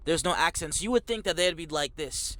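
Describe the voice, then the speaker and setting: A man's voice: a little high, lively intonation, a little fast, a bit bright, no echo. A young man giving an emphatic, repetitive film-review rant after leaving the theater, full of slang. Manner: emphatic, repetitive, slangy, calls viewers bro. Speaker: movie reviewer.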